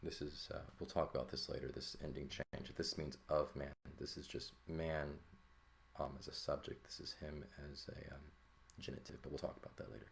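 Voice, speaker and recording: A man teaching a language lesson in a relaxed walkthrough, thinking aloud and often checking in with "right?". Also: very deep voice, moderate pace, creaky, slight background noise. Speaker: Greek teacher.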